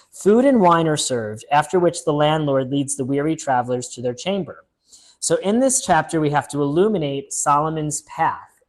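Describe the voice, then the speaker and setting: A man hosting a casual solo board game playthrough, chatting upbeat as he thinks aloud and reads the story text. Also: on the high side. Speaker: board game channel host.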